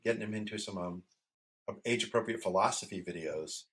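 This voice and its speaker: A man's voice: fairly low pitch, brisk, a bit bright. Wry man cracking jokes on a podcast. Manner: wry, joking asides. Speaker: podcast co-host. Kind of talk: casual chat.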